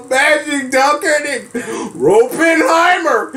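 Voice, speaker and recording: A man rants to camera from a small room at home, laughing hard and loud as he talks. His voice is bright and high for a man, with a wildly lively pitch and a drawn-out pace. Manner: laughing hard while talking, loud and excitable; heavy slang, repeats himself. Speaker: host. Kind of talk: casual rant to camera.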